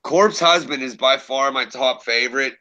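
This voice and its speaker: Chatting casually on stream from a room in his home, a young streamer and creepypasta narrator rambles and swears, often cracking himself up. He talks at a moderate pace in a mid-range voice that's bright and forceful. The audio sounds dull.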